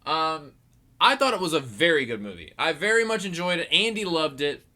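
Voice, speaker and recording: A man's voice: on the high side, very animated, fairly quick, sharp tone. A young man hosting his own podcast, rambling and joking at himself, groggy from just waking up. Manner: rambling, jokey, self-mocking. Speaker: podcast host. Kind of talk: casual solo podcast chat.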